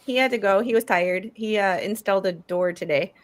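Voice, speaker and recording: A woman's voice: medium pitch, fairly quick. A woman hosting a livestream panel over a video call, chatting casually and mocking herself with the odd swear. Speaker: host.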